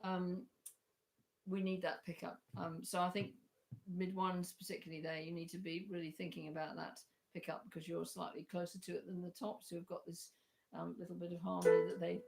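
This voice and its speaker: A woman leading an online choir rehearsal, chatty and hesitant, with a croaky voice, often breaking into sung parts. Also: fairly low pitch. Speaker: choir leader.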